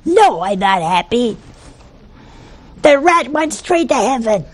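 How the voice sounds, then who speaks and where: A woman's voice: a little high, big pitch swings, takes it slowly, background noise. A woman doing an indignant, bitter widow.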